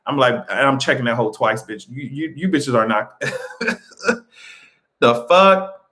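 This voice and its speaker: A man hosting a casual livestream, talking in an animated, profane way with sudden jumps in pitch and frequent laughter. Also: slow pace. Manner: laughs often between remarks. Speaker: livestream host.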